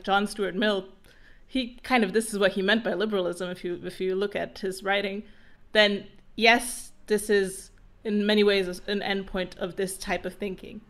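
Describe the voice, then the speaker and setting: A woman, a panel guest, talks quickly and hesitantly with many restarts, sounding out of breath, in an online discussion. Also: medium pitch.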